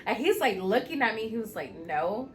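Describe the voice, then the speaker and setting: A woman in her thirties, a podcast co-host, telling a profane, animated story in casual chat. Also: fairly high pitch, fast, a little hiss or hum.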